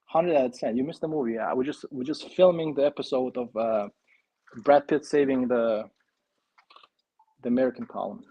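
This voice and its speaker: A man hosting a casual live stream, chatting excitedly and thinking aloud while he builds a toy kit. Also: mid-range voice, normal speed, breathy edge, dull audio.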